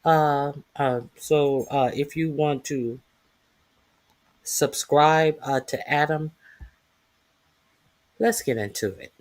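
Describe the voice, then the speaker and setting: A man hosting his own news commentary channel, introducing clips in a halting way with many fillers. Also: a little high, fairly even intonation. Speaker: channel host.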